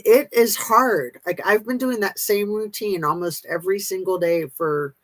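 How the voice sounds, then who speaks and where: A woman's voice: fairly low pitch, no echo, low-quality recording. A woman host reading a memoir aloud, then chatting casually with viewers' comments, with fillers and self-corrections.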